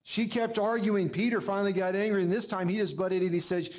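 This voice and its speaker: High-voiced man preaching in character. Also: fairly quick, few pauses. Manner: storytelling, animated, drops to hushed. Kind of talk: first-person dramatic sermon monologue.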